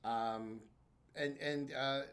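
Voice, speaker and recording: A man's voice: medium pitch, steady tone, very slow, fairly bright tone. A man co-hosting a podcast, recapping a sitcom in casual chat and agreeing often with mm-hmms. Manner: agreeable, fills in with frequent mm-hmms and yeses. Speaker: podcast co-host.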